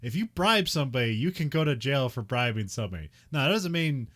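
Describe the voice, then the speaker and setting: A man co-hosting a casual podcast, recapping a film plot in loose, filler-heavy talk. He laughs often between phrases. His voice sits at a middle pitch. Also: very animated, quick pace, fairly bright tone. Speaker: podcast co-host.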